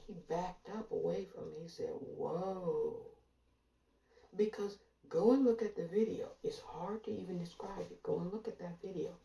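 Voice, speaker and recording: An emphatic woman speaking in a low, gravelly voice with a dark, mellow tone. She hammers her points home through repetition, stretching out the words she stresses. The recording is echoey and picked up from some distance away from the mic. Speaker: commentator. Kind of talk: casual monologue to camera. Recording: echoey room from far off.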